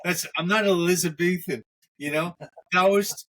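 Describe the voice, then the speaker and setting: A man's voice: high voice, fairly bright tone, a little hiss or hum. Rambling man telling crude jokes. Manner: rambling, halting storyteller with restarts. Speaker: podcast co-host.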